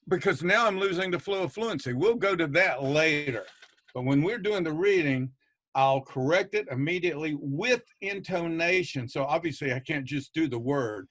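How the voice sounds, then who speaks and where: A man's voice: on the high side, expressive, a little fast, a bit bright. A man speaking on an educators' panel, emphatic and blunt, repeating points for stress. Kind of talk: passionate panel discussion.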